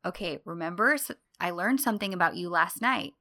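A woman chatting casually as a co-host, her voice bright and sharp. She retells scenes in an animated way, slipping briefly into the characters' voices. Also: lowish voice. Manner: animated retelling, acts out lines in quick voices. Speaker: podcast co-host. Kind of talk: casual chat recapping a drama.

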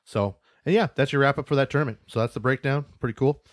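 Speaking fast at a medium pitch, this podcast co-host reads out news and events, tossing in loose jokes and casual swearing. The studio-quality recording has no echo.

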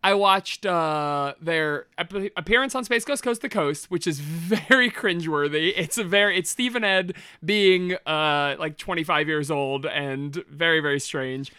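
Bright giggly Midwestern woman. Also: sits low, smooth, no echo, studio quality. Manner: giggly, quick joking. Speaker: podcast co-host. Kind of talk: casual chat.

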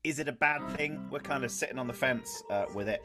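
A man's voice: medium pitch, fairly quick, music in the background. A man co-hosting a chat podcast, teasing his friends and wrapping up the show. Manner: teasing, lively, wraps up the show. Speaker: podcast co-host. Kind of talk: casual banter.

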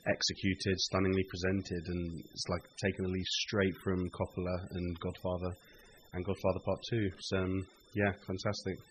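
A man's voice: deep voice, completely flat delivery, moderate pace, a little hiss or hum, rough recording. A British man, a guest co-host, chatting casually on a podcast with enthusiasm and frequent ums.

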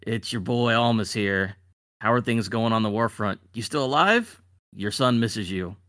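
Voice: mid-range voice, moderate pace, a bit bright, no room sound, clean studio sound, lightly acted. A tabletop player voicing a cheerful male friend reading out a chummy letter.

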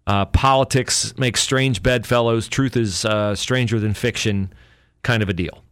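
A man's voice: on the low side, steady tone, a little slow, fairly bright tone, smooth, dry recording. Rambling male podcast host, dry sound. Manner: rambling, thinks aloud with many fillers and self-corrections. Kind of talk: casual solo podcast talk.

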